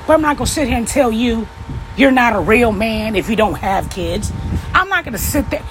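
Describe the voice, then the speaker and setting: A young woman on a fired-up rant, swearing freely and calling out her listeners head-on. Her voice sits a little high and swings widely up and down as she presses each point. A faint hum of noise runs underneath. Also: expressive, normal speed, low-quality recording. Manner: blunt, profane, confrontational. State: upset. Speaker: vlogger. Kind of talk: heated opinion rant to camera.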